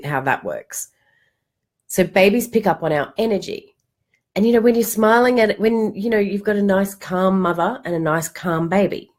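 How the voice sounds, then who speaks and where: Lively middle-aged woman, a money coach. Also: on the low side. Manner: animated storytelling, acts out quotes, casual swearing. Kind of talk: casual livestream talk.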